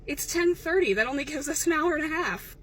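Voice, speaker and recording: Brief: woman as a frazzled sandwich-counter worker, high voice, fed up with customers. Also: expressive, a bit bright, slight background noise. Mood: exasperated. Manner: exasperated, incredulous, talks fast when upset. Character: frazzled young female sandwich shop worker. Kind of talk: comedy skit.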